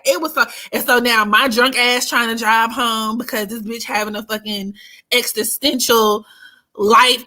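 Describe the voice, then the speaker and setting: A woman, telling a story in a casual chat, animated and profane, often laughing. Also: a little high. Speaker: astrology streamer.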